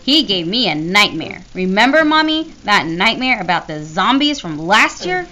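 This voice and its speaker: A woman voicing a small second-grade boy who talks in a high, whining way. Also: big pitch swings, moderate pace, pushed and bright, slight background noise. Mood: excited.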